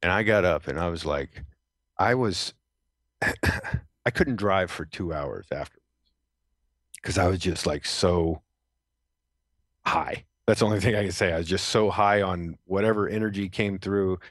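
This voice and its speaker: A man's voice: low-pitched, unhurried, long pauses, fairly bright tone, no echo. A middle-aged man, a retired Navy SEAL, telling his story as a podcast guest in an earnest, reflective way with frequent restarts. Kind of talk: conversational storytelling.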